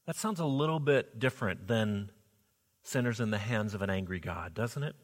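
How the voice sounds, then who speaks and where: A man's voice: fairly low pitch, moderate pace. A man preaching a sermon as pastor, earnest, often asking the congregation rhetorical questions. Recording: long hall reverb.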